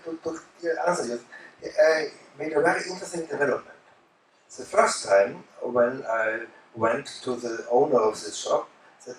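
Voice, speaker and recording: A man from Austria with an Austrian accent, a native German speaker, speaking halting English on a conference stage. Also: mid-range voice, a little hiss or hum. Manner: halting, searching for English words. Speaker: keynote speaker. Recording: echoey hall from far off.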